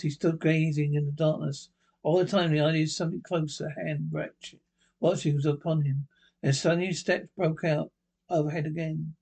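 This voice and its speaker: Sex: man. Role: narrator. Style: ghost story read aloud. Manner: halting, restarts misread words. Pitch: a little high. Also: vocal fry, a little mellow, slightly rough.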